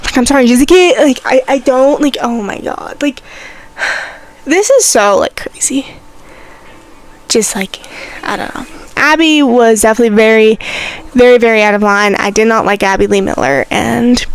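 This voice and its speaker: A young woman hosting a solo podcast in a casual chat, rambling and animated, repeating herself with lots of "like". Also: a little high, moderate pace, long pauses. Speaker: podcast host.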